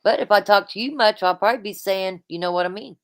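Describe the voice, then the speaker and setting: A woman from the US East Coast hosting a casual livestream chat in a relaxed way. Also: medium pitch, fast talker. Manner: relaxed, reads out viewer comments.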